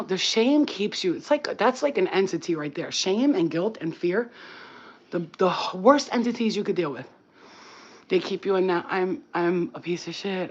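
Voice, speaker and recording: A woman's voice: medium pitch, a little mellow, highs cut off. A woman talking casually and earnestly into her phone, speaking straight to spirits and repeating her blessings with emphasis. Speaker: spiritual healer vlogger. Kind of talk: casual spoken message to spirits.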